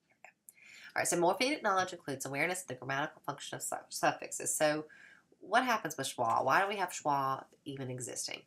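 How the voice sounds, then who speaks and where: A woman's voice: very deep voice, creaky, fairly bright tone. A woman explaining a topic in a recorded lecture, with frequent fillers and restarts as she talks it through. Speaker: teacher trainer.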